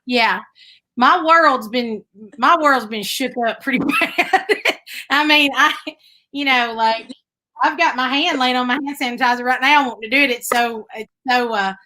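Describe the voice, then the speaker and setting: A woman's voice: sits high, normal speed, bright, forceful tone, slight background noise, rough recording. A woman with a Southern accent from Tennessee, a guest musician chatting casually and telling stories in folksy phrasing over a video call. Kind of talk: casual chat.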